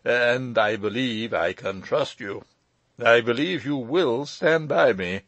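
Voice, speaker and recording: A man reading the part of a pompous elderly gentleman who lectures at length. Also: mid-range voice, slow pace, no echo. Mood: anxious. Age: older. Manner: lecturing, long-winded. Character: pompous elderly male lecturer, self-important.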